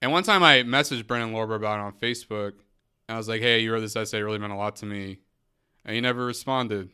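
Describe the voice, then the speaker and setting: Bright, clear-voiced ranting man. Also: on the low side, fast talker. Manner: ranting, profane, animated storytelling with fillers. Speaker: podcast host. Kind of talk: casual monologue.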